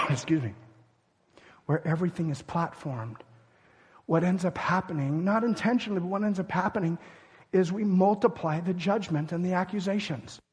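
A high-voiced man preaches a sermon, acting out everyday scenes and dropping from loud outbursts to hushed asides. His voice carries a long tail of reverb from a large hall. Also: slightly rough. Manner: animated, acts out everyday scenes, swings between loud and hushed. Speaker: pastor.

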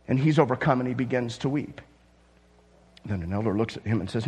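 A man's voice: mid-range voice, brisk, long pauses, darkish tone, husky, in a large hall. A man preaching a sermon to his church, reading scripture and dramatically acting out awed onlookers in rising outbursts. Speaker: pastor.

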